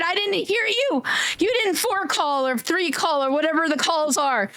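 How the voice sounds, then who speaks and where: A woman's voice: high-pitched, lively intonation, fairly quick, fairly bright tone, dry recording, clean studio sound. A young woman live-streaming a game, chatting playfully with her viewers, teasing them and breaking into yelps and exclamations. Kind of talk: live gameplay stream chat.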